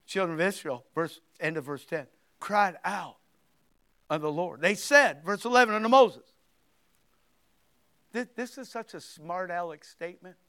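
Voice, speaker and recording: Preacher, male: high and crisp, emphatic sermon delivery, dry close sound. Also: moderate pace, long pauses, dry recording. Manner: emphatic, swings from loud to hushed. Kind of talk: sermon reading scripture aloud.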